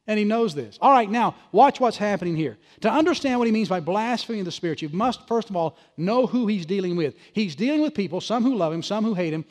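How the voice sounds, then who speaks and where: A high-voiced male pastor preaches in a big church sanctuary, his words trailing off into a long hall reverb. He delivers his sermon with animated, punchy energy and drops sarcastic asides.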